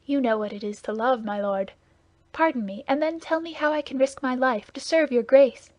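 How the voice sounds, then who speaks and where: A woman's voice: sits high, normal speed, a little mellow, no room sound, lightly acted. A woman reading a jealous young guardsman. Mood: pleading.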